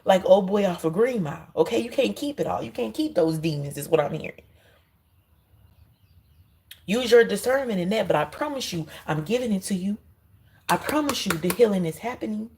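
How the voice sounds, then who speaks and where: A woman's voice: mid-range voice, lively intonation, brisk, a little mellow, rough recording. A woman giving an intuitive card reading, speaking emphatically and straight to her viewers, often repeating herself. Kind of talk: spiritual card reading monologue.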